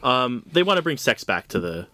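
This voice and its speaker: Man, podcast co-host, casual comic review chat, swears a lot, fills with "like", medium pitch. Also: sing-song, normal speed, pushed and bright. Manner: loose, profane plot recap with many "like"s.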